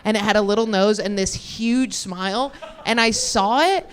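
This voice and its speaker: A woman's voice: mid-range voice, normal speed. A young woman doing improvised stand-up on a club stage, rambling, crude and self-deprecating, laughing at her own jokes. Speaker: stand-up comedian. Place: comedy club stage with live audience.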